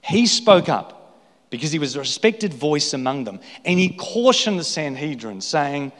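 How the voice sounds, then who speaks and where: A man's voice: on the high side, big pitch swings, a little slow. A male pastor preaching an emphatic sermon full of rhetorical questions in a large church hall. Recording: long hall reverb.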